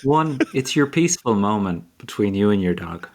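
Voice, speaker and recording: Thoughtful Irish man, low voice. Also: expressive. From Ireland. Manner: measured, reflective explainer. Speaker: comedian guest. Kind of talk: casual interview chat.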